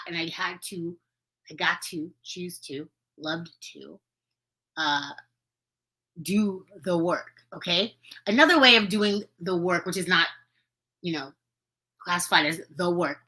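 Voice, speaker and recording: Earnest woman host, bright forward tone, casual motivational talk straight to viewers. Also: lowish voice, slightly rough, rough recording. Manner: earnest, coaching, repeats herself for emphasis. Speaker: podcast host. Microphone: streaming video to viewers.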